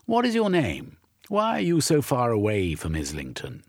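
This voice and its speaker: A man voicing a brusque, easily frustrated Victorian gentleman who questions in a clipped, proper way. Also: mid-range voice, wildly swooping pitch, moderate pace, no echo, clean studio sound, pitched above the performer's own voice.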